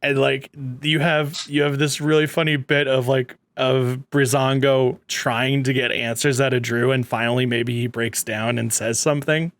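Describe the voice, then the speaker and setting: A man's voice: mid-range voice, little pitch movement, normal speed, hardly any pauses, a bit bright, dry recording. A man co-hosts a casual chat, rambling through ideas and laughing along the way. His voice sits in the middle range and is recorded close and dry. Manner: rambling, laughing, brainstorming storylines. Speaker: podcast co-host.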